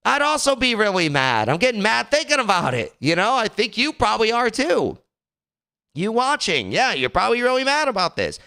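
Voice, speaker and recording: A man's voice: sits high, wildly swooping pitch, brisk, gravelly, bright, forceful tone, smooth. A young man hosting a podcast in casual talk, rambling and exasperated, slipping into mocking voices. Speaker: podcast host.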